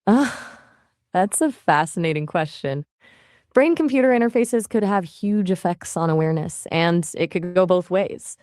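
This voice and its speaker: A chatty, polite woman's voice as an AI assistant, talking casually and asking follow-up questions. Her voice sits a little low. The sound is close and dry. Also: lively intonation, moderate pace, darkish tone, no echo. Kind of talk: casual chat.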